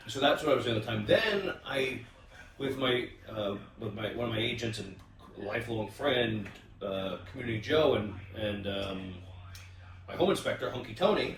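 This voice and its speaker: A man tells stories in a loose, animated way, stopping to restart and filling gaps with ums. He sits some distance from the mic in a room that echoes. He hosts a casual round-table chat. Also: medium pitch, creaky, a little hiss or hum. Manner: animated storyteller with many restarts and fillers. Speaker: podcast host.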